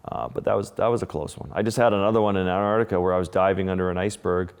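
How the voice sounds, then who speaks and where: Canadian man, low voice, relaxed interview storyteller who trips over his own sentences, long room reverb. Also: very fast, smooth. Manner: vivid, restless retelling with many restarts and fillers. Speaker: wildlife photographer, interview guest.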